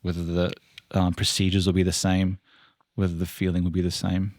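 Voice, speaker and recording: Rambling and filler-heavy, a male podcast co-host keeps the chat casual, speaking fairly quickly. His low-pitched, darkish voice is completely flat in delivery. It's studio quality, with no room sound.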